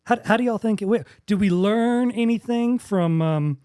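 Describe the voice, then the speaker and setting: A man's voice: high voice, a little mellow, smooth, no echo, clean studio sound. A young man from with a drawl, hosting a casual podcast chat and joking around as he rambles. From West Texas. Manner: joking, rambling, quick to laugh. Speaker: podcast host.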